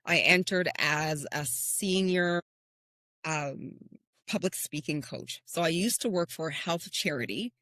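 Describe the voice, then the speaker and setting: A woman's voice: low-pitched, a little slow, fairly bright tone, dry recording, clean studio sound. A woman hosting a motivational podcast, speaking earnestly and telling stories with rhetorical questions. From Canada. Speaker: podcast host and confidence coach.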